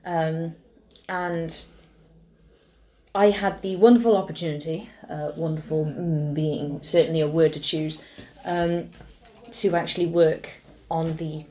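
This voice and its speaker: A woman's voice: low-pitched, dark tone. A young woman, co-hosting a podcast and telling chatty, anecdotal stories. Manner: chatty, anecdotal storytelling with many fillers. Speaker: podcast co-host. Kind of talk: casual chat.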